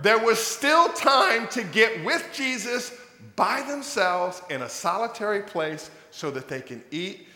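A male pastor preaches with emphatic, repetitive force, his voice pitched high and bright. He sometimes slips into acted-out voices to make a point. The sound carries a long, echoey church-hall reverb. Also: lively intonation, measured pace. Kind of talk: sermon.

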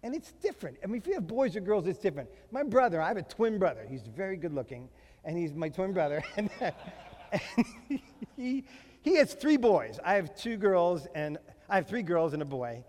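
A middle-aged man delivering a sermon in a large hall, his voice sitting high for a man. He leans hard on key words, drawing them out slowly, and tells funny stories about his own family. A long echo trails after him through the room. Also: sing-song, a little mellow. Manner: emphatic, slows down to stress key phrases, mixes in humorous family stories. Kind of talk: sermon to fathers.

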